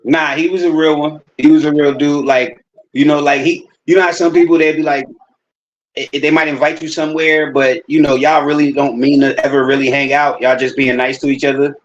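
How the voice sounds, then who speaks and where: A man's voice: on the high side, steady tone, fairly quick. A man chatting casually as an interview guest, laid-back and rambling. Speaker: actor guest. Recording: dull lo-fi sound.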